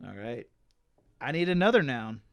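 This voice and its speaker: A man's voice: mid-range voice, very animated, normal speed. A young man co-hosting a comedy podcast, rambling in casual chat and hedging his points. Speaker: podcast co-host.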